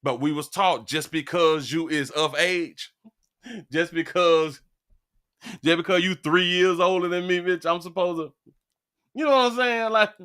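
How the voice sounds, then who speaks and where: A man hosting a live stream, ranting animatedly with frequent laughs, repeated words and loud high outbursts. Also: unhurried, smooth. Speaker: live-stream show host. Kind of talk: live-stream commentary rant.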